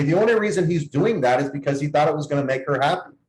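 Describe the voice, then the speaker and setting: A man's voice: fairly high pitch, lively intonation, quick pace, a little mellow. Earnest man in an echoey room. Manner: earnest, explanatory storytelling. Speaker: dating coach. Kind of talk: casual conversation.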